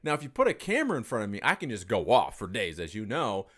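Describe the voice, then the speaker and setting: A man talks in a loose, casual conversation, and his pitch swings widely as he tells a story. He fills his talk with fillers and swears freely. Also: huge pitch swings, fast talker.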